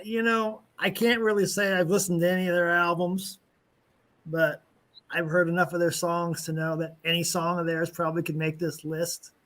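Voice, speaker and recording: Male panelist, high bright voice, blunt, plain-spoken. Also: flat delivery, normal speed. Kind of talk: casual panel chat.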